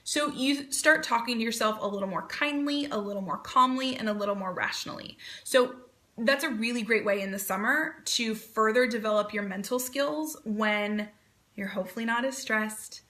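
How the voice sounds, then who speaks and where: A woman in her thirties, a performance coach, giving calm, encouraging advice on a live video talk. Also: fairly high pitch, normal speed.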